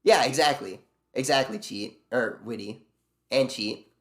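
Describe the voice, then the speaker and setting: On a live stream, a man with a mid-range, somewhat bright voice talks a little slowly, ranting casually with plenty of profanity and sarcasm. He tells stories and reads out chat messages to respond to them.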